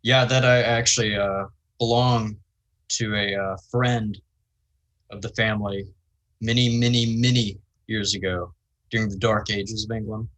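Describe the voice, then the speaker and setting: A man playing a reclusive collector of family heirlooms in a tabletop game, speaking haltingly with many fillers. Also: on the low side, level tone, a bit bright, rough recording. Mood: guarded. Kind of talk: tabletop role-play over a voice call.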